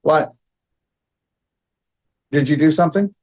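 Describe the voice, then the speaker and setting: A man's voice: on the high side, slow, darkish tone. Rambling man lecturing a live room. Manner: rambling, emphatic, repeats okay and all right.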